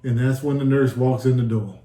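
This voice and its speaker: A man with a medium-pitched, steady, dark voice talks fairly quickly while earnestly telling a casual sit-down chat about nearly dying. He voices the quoted dialogue himself, and the room he's in is echoey.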